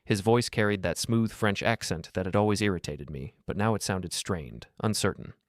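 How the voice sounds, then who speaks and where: A man giving calm, cold, measured first-person scripted narration. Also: deep voice, dry recording, studio quality.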